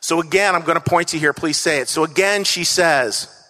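A man's voice: a little high, normal speed, sharp tone. A man preaching a sermon to a congregation, earnest, repeating key phrases and leading the crowd in call-and-response. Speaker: pastor. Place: church stage before a congregation. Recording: echoey church hall.

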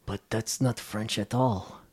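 A man's voice: on the low side, fairly even intonation, measured pace, darkish tone, husky. A man voicing a blustering French-Canadian brother who calls himself a doctor, in an improvised comedy sketch. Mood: scandalized. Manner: mock-formal, blustering.

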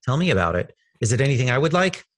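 A man's voice: mid-range voice, very animated, very fast. Chatty male interview host. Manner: eager, chatty, self-deprecating questions. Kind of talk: casual interview chat.

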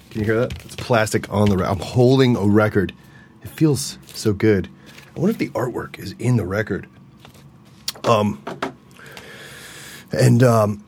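A man with a somewhat low speaking voice talks through a casual solo podcast episode. He rambles from one thought to the next, chatty and enthusiastic, and often breaks into laughs. He talks from an indoor practice room. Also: darkish tone, slight background noise. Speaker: musician and podcast host.

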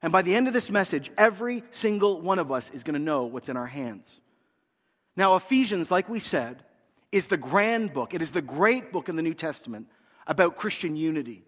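A man preaching to his congregation, easing into his point through a lively anecdote and slipping into the voices of the people he describes. His voice sits slightly high for a man. A long church reverb trails after every phrase. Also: normal speed. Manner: storytelling, acts out quoted voices. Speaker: pastor. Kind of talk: sermon.

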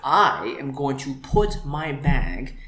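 A man's voice: mid-range voice, takes it slowly, roomy sound, noisy background. A man co-hosting a podcast, telling a story in casual chat and acting out the people in it. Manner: animated, acts out quoted people.

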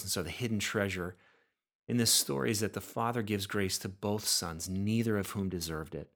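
A man preaching a sermon in a somewhat low voice. He talks earnestly, often repeating words as he builds toward a point. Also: normal speed, fairly bright tone. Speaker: pastor.

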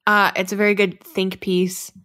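A woman's voice: mid-range voice, level tone, moderate pace, sharp tone. A woman co-hosting a podcast, friendly and giggly, wrapping up the episode. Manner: giggly, friendly, wraps up the show. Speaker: podcast co-host. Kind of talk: casual chat.

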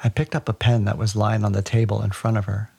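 Male podcast storyteller, deadpan and wry, low voice with gravelly fry. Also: fast. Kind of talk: personal story narration.

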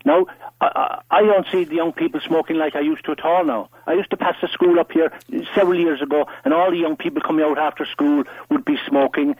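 Caller, high husky voice, earnest, talks quick. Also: male voice, dry recording, phone-quality sound. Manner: earnest, firm. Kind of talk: radio phone-in chat.

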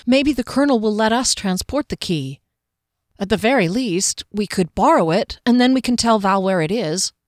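Woman reading a bold young swordswoman, direct and warm, mid pitch, dry close sound. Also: animated, moderate pace, no room sound, natural voice. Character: bold young female sword fighter, impulsive.

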